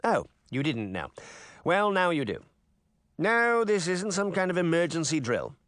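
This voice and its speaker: A smug, scheming prince who sneers down at everyone, as a male audiobook narrator puts him on. His scorn rises and falls with animated pitch, in a slightly high, dry, close-miked voice. It has the cool arrogance of a storybook villain. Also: measured pace, no room sound. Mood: scornful. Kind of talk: audiobook character reading.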